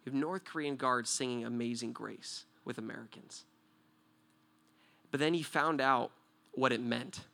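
Bright-voiced man preaching a sermon. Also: medium pitch, measured pace, vocal fry. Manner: swings between loud emphatic preaching and hushed storytelling; talks to the listeners directly with frequent "right?".

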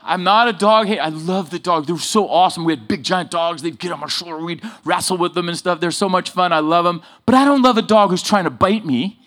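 Animated, punchy male preacher. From Southern California. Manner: animated, swings from loud emphasis to low asides. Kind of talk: sermon with personal stories.

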